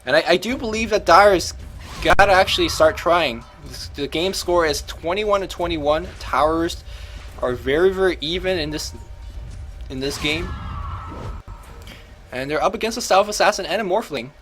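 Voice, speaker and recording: A man's voice: a little high, animated, normal speed, a bit bright, soft background music. A man casually commentating and coaching over a video game match, chatty and thinking aloud, often correcting himself.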